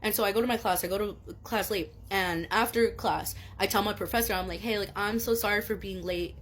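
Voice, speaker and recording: A woman's voice: medium pitch, brisk, fairly bright tone, slight background noise. A young woman telling a story straight to her viewers in a loose, rambling way. She leans on fillers and curse words and gets heated as she goes, with her voice sitting in the middle of the usual range for a woman. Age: young adult. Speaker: student. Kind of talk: casual storytime to camera.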